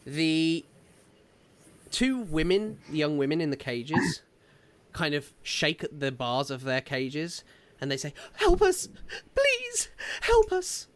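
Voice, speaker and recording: A man's voice: fairly high pitch, slow pace, pauses often, fairly bright tone. A man narrating a tabletop game as dungeon master, describing scenes with frequent fillers and hesitations.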